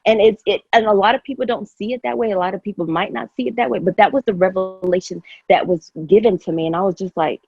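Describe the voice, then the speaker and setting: A woman's voice: mid-range voice, fast talker, vocal fry, few pauses, lo-fi sound, soft background music. A woman guest in casual conversation, talking in an emotional, effusive, rambling way with many fillers. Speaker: podcast guest.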